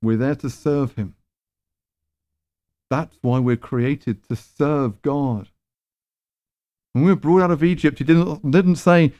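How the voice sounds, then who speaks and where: Man preaching, mellow and dry. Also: medium pitch, lively intonation, takes it slowly, long pauses, no room sound. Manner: conversational, emphatic with rhetorical questions. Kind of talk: sermon.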